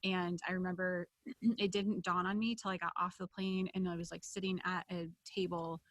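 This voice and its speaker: A woman co-hosting a podcast with a somewhat low voice. She tells her stories in a relaxed, easygoing way and laughs along as she goes. The recording is dry and close-miked. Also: normal speed, dry recording. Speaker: podcast co-host. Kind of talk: casual chat.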